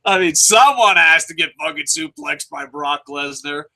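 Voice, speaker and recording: A young man hosting a show, talking in a casual, sarcastic and excitable way with lots of swearing. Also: a little high, moderate pace, rough recording. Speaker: show host reviewing. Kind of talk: casual profane commentary.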